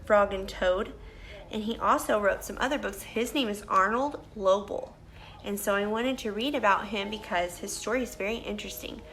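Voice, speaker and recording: A woman teacher reading a picture book aloud to children, pausing to ask questions and explain. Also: mid-range voice, gravelly, pushed and bright, slight background noise.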